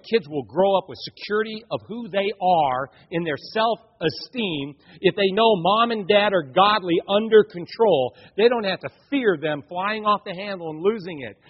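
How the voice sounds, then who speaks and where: A man's voice: sits high, husky. A middle-aged man preaching a sermon, telling family stories and acting out the voices of his kids and wife. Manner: animated storyteller, acts out his family's voices. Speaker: pastor. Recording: dull lo-fi sound in a reverberant hall.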